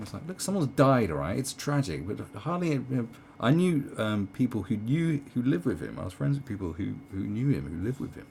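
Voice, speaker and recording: A man's voice: mid-range voice, very animated, brisk, vocal fry, hardly any pauses, darkish tone, a little hiss or hum. A middle-aged man with a British accent giving a sarcastic, rambling video commentary, swearing and restarting often. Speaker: commentary vlogger.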